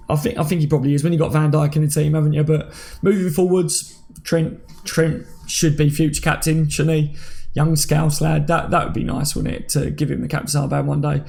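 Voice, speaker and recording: Here a livestream host in his thirties talks in a slightly high, creaky voice with a darkish tone. He keeps things casual, chatting with viewers and reading their comments out by name.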